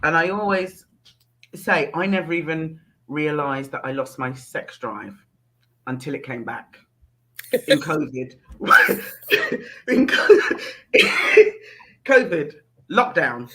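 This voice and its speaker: A woman's voice: deep voice, expressive, slow pace, fairly bright tone. A woman talking as a guest in a frank, casual chat, laughing often. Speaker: guest, menopause blogger.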